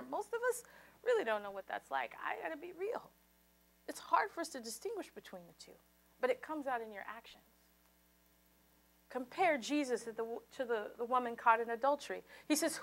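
A woman pastor preaching a sermon with passion, moving from soft, low passages to loud, high exclamations and leading the congregation in call and response. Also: animated, normal speed, pauses often.

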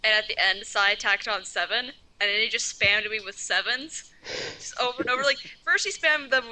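A woman's voice: on the high side, normal speed, sharp tone, rough recording. A young woman co-hosting a casual chat, playful and mock-exasperated. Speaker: podcast co-host.

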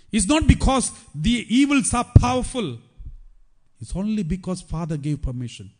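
Priest preaching, high voice, keeps repeating for emphasis. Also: male voice. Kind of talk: sermon.

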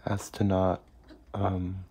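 Young guy murmuring over his game late at night, deep voice, kinda slow. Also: completely flat delivery, breathy edge. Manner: talking quietly so people at home won't hear. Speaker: let's play host. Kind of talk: casual gameplay commentary. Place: room at home at night.

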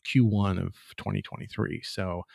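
A man with a lowish voice chatting easily as a podcast co-host, stopping and restarting with fillers as he goes. The sound is dry and close to the mic. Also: gravelly, husky, dry recording. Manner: relaxed, halting with fillers. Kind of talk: casual chat.

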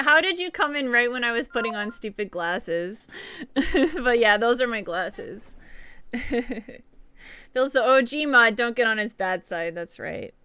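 A woman's voice: fairly high pitch, sharp tone, clean tone, no room sound. A woman streaming a game live, chatting casually and giggling with her viewers.

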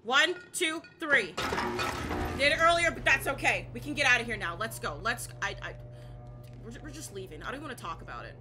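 Panicky high-voiced young woman gamer. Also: lively intonation, a little fast, over music. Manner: panicky, repeats herself, swears, shouts at the game. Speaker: gaming YouTuber. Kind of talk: horror game let's play commentary.

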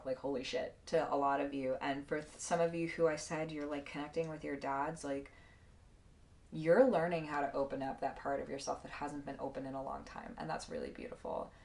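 A woman's voice: sits low, vocal fry, darkish tone. A woman giving a casual, emotional tarot card reading to her viewers, effusive and swearing freely.

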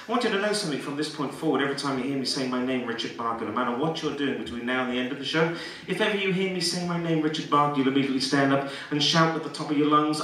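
A man working as a stage hypnotist in a live show, giving calm suggestions to volunteers and breaking into loud playful commands. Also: on the high side, rapid-fire. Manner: soothing commands switching to loud playful outbursts. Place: large hall with a live audience. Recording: echoey hall from far off, audience noise. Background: laughing audience.

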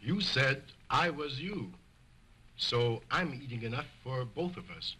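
A man's voice: mid-range voice, lively intonation, a little slow, pushed and bright, husky, heavily acted, low-quality recording. An actor playing a vain, domineering ventriloquist who scolds his dummy sternly, in 1920s early talkie acting.

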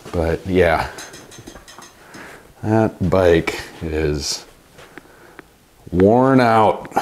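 A man with a Midwestern accent, a bike mechanic narrating his repair work in a relaxed, matter-of-fact way as he goes. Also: low-pitched. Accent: Midwestern American. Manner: talks through each repair step aloud, relaxed and matter-of-fact. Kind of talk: casual workshop narration.

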